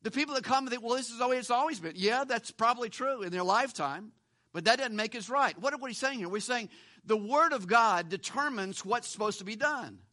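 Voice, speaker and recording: High, bright-voiced male preacher. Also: animated, fairly quick. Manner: conversational, repeats words, asks rhetorical questions. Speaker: pastor. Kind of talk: sermon.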